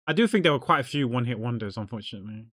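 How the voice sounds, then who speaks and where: A man's voice: mid-range voice, animated, very fast, fairly bright tone, dry recording, clean studio sound. Chatty man on a stream. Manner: chatty, rambling, jokey. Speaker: art streamer. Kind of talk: casual livestream chat while drawing.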